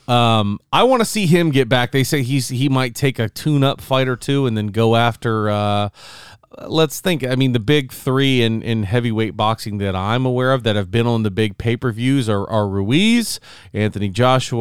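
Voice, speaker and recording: A man's voice: mid-range voice, moderate pace, clear, resonant tone, no room sound, studio quality. A man co-hosting a casual sports podcast, joking around and slipping into goofy impressions. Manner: jokey, does goofy voices of people. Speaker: podcast co-host. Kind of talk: casual chat.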